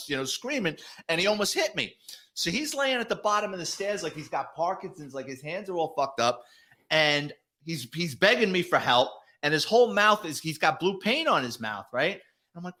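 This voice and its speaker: A middle-aged man with a New York accent tells rough stories from his past, swearing freely and acting out the people in them. His voice sits a little high for a man. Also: a little fast. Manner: profane, animated storyteller. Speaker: retired detective guest. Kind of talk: storytelling interview.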